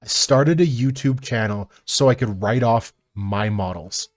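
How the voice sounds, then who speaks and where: While building and painting miniatures on a live stream, a man chats casually and tells stories in a profane, animated way. His voice is medium pitched and a little slow.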